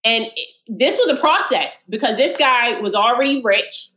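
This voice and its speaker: A woman's voice: fairly high pitch, normal speed. A woman guest telling a story in a casual interview, acting out the dialogue as she goes. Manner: animated, acts out quoted dialogue. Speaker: guest, real estate investor. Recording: roomy, dull sound.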